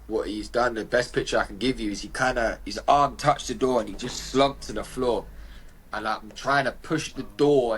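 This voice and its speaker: A man's voice: on the low side, breathy edge. Slangy British man telling his story. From United Kingdom. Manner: vivid, slangy, re-enacts dialogue. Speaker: podcast guest. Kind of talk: personal storytelling.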